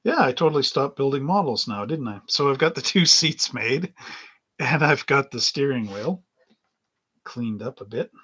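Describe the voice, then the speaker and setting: A middle-aged man with a husky, slightly breathy voice chats casually on a livestream. He meanders from story to story and chuckles often while working at a hobby bench. His pitch sits in an ordinary middle range. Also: expressive, normal speed, pushed and bright. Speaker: livestream host building model kits.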